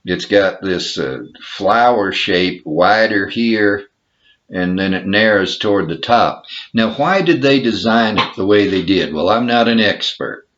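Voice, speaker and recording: A man's voice: on the low side, expressive, a little slow, a bit bright. A man with a Texan accent, casually showing something on a home video in an easygoing, self-deprecating way. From Texas. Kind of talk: casual show-and-tell vlog. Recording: dull lo-fi home recording.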